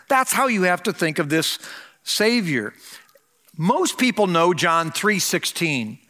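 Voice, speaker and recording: Preaching a Christmas sermon from the pulpit, an older pastor speaks in a bright, high voice with a sing-song quality. He's earnest and draws out key phrases slowly. The church sanctuary gives his voice a long reverb.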